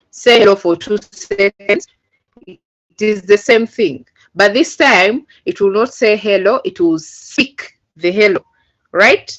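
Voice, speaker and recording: Slow patient woman teaching. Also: medium pitch, a bit bright. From Uganda. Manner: patient, explains step by step with many fillers. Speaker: coding teacher. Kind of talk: online class instruction. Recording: dull lo-fi call audio.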